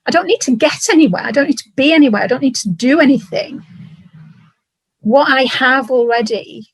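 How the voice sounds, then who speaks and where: A woman, a podcast guest, talking reflectively about her past with halting, emotional pauses. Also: sits high, breathy edge, no echo. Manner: reflective, halting, tearful at times. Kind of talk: emotional personal conversation.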